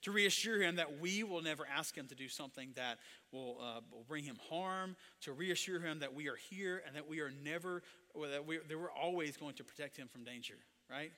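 A man preaching a sermon. He moves between hushed storytelling and loud, impassioned passages. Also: fairly high pitch, a little fast, in a large hall. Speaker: pastor.

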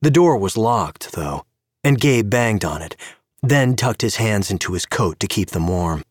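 A man giving an expressive scripted narration of an audio story. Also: on the low side, unhurried, slightly rough, no echo, clean studio sound.

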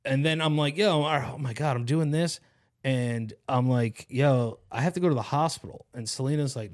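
A man's voice: medium pitch, normal speed, a little mellow. A young man hosting a podcast, telling a long story in casual chat, rambling and profane with lots of slang. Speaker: podcast host.

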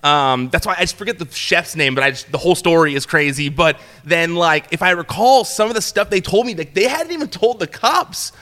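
A young man telling a wild story in a relaxed chat, his voice bright and sitting a bit high for a man. He stumbles through restarts and fillers and jumps up in pitch whenever he acts out what someone said. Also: fairly quick, few pauses. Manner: animated storyteller, acts out quotes in a higher voice, many fillers and restarts. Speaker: podcast guest, former entertainment reporter.

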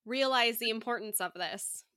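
Bright woman podcast host, dry sound. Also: fairly high pitch, moderate pace, clean tone, no echo. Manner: supportive, easygoing. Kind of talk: casual interview chat.

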